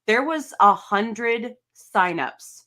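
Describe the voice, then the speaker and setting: A woman co-hosting a casual chat show, telling stories in an excited, chatty way. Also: a little high, drawn-out words. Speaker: co-host.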